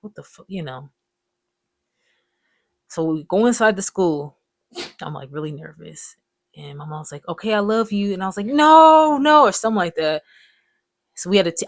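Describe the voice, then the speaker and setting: Casual storytime host in their twenties, slangy and profane, at a middle pitch with no room sound. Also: a bit bright, no room sound. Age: 20s. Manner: rambling, profane, loose slangy talk. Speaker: vlogger telling life stories.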